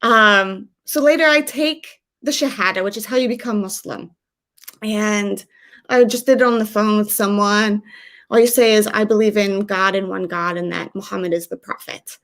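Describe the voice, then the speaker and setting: A woman's voice: steady tone, moderate pace, a bit bright. A young woman from the US telling a true first-person story, acting out the quoted lines of the people in it. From USA. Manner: conversational, acts out quoted dialogue with shifts in pitch.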